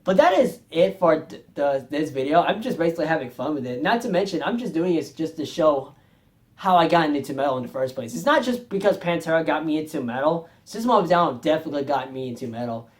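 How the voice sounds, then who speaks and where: His voice sits on the high side, swings widely in pitch and moves at a quick pace. He's a music video vlogger chatting loosely on his channel, frequently correcting himself and chuckling.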